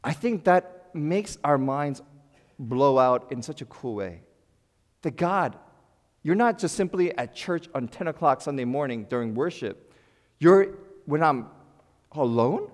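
A male pastor giving a sermon in an animated, conversational way, swinging from loud bursts to quiet asides with playful humor. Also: fairly high pitch, unhurried, pauses often. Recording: long hall reverb.

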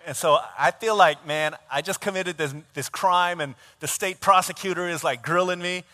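Brief: male pastor, animated self-mocking storyteller, a bit high-pitched, preaching in an echoing sanctuary. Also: normal speed. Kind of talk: sermon storytelling. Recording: long church reverb.

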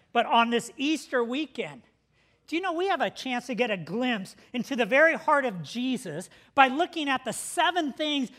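A middle-aged man preaching a sermon as pastor, telling a story with laughs and shouted quotes. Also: very high voice.

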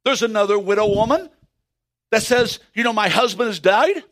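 A man preaching a sermon as pastor, swinging from hushed asides to excited shouts. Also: high-pitched, moderate pace.

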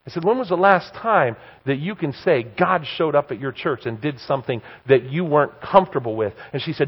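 Male preacher, animated storyteller, muffled lo-fi recording. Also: on the high side, a little fast, few pauses, breathy edge. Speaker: pastor and professor. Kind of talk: sermon. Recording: dull lo-fi sound.

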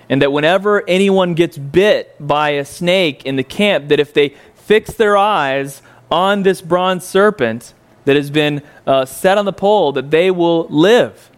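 Relaxed and chatty, this male teacher recounts a Bible story, peppering it with fillers and rhetorical questions as he moves from incredulous peaks to quieter, reflective moments. His tone is clean.

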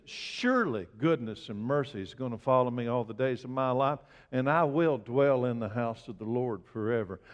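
A male pastor preaching a sermon, asking his congregation direct questions and building to emphatic, loud bursts. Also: medium pitch, highs cut off. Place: church sanctuary. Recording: long reverb of a large hall.

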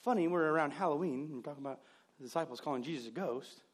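A man preaching a sermon, joking with the congregation and acting out scenes, swinging from loud outbursts to hushed asides. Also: fairly high pitch, quick pace. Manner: animated and joking, acts out scenes. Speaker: pastor.

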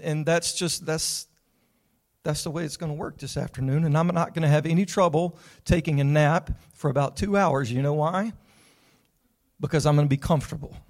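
A man preaching a sermon to his congregation in a folksy, joking, conversational way, often asking them questions. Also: a little high. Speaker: pastor. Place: church sanctuary with congregation.

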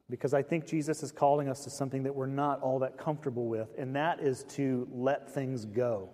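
A man preaching a sermon as pastor, talking in a loose, conversational way with many fillers and lively swings. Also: mid-range voice. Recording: long reverb of a large hall.

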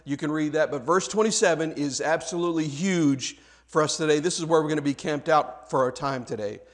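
A man's voice: fairly high pitch, fairly quick. A man preaching a sermon to his congregation, conversational, with frequent restarts, asking the listeners questions directly. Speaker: pastor.

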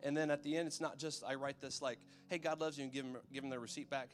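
Male preacher, easygoing and chatty, mid pitch, soft music bed. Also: fairly even intonation, fast talker. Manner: conversational, checks in with the audience. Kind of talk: sermon.

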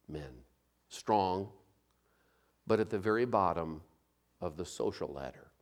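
Expressive male storyteller. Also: lowish voice. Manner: expressive, swinging from soft to emphatic. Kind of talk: dramatic storybook narration.

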